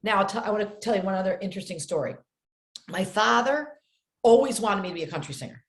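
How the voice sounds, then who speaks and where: A middle-aged woman from upstate New York tells stories from her acting career with lots of energy. She slips into the voices of the people she quotes and repeats words for emphasis. Her voice sits at a middle pitch and rings a little in a roomy space. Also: expressive, fast talker. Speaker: actress and filmmaker, podcast guest. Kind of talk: animated storytelling in conversation. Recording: roomy echo.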